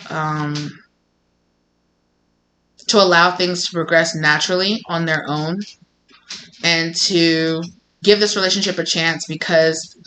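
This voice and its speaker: In this low-quality recording with some hiss or hum, a tarot reader talks in a fairly low voice. Her reading rambles, packed with filler words and lively impressions of other people's lines.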